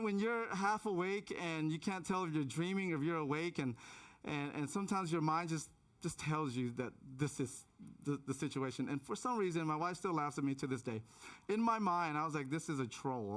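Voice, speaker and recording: A man in his thirties preaching a sermon in a church, telling a personal story with frequent restarts and hushed moments for suspense. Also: a little high. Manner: many restarts and repeated words. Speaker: pastor. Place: church auditorium.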